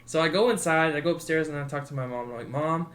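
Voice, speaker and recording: A man's voice: a little high, fast, crowd noise. A man in his twenties on a podcast, telling a story casually and laid-back, acting out the people in it. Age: 20s. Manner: laid-back, acts out quotes with swearing and laughter. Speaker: podcast co-host.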